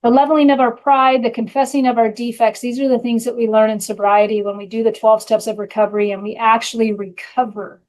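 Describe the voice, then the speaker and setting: A middle-aged woman with a fairly high voice tells her own story of recovery. She talks bluntly and frankly, with earthy language, in a candid, personal way. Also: level tone, brisk, hardly any pauses, darkish tone, low-quality recording. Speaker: podcast host and recovery coach.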